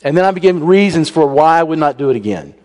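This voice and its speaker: A man's voice: a little high, fast talker. Man telling a story in a reverberant hall. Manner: animated, raises his voice when he quotes people. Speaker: speaker telling a personal story to a congregation. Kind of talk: humorous storytelling sermon. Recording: long reverb in a large hall.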